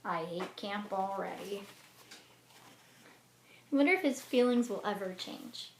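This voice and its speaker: A woman teacher reading a children's book aloud in an expressive way, then explaining class activities. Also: mid-range voice, moderate pace, pauses often. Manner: expressive storybook reading with lively swings. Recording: roomy echo with faint noise.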